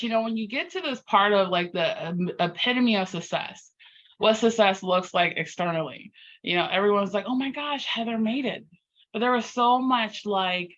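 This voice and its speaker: Earnest woman coach telling her story. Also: mid-range voice. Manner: earnest, animated, acts out inner dialogue. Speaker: podcast guest, life coach. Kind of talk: conversational interview storytelling. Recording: slightly muffled lo-fi audio.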